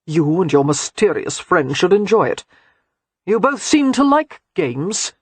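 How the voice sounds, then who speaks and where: A woman's voice: on the low side, big pitch swings, unhurried, husky, dry recording, heavily acted. A woman voicing a cold, vengeful young nobleman in an audiobook, speaking curtly and icily. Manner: curt and icy.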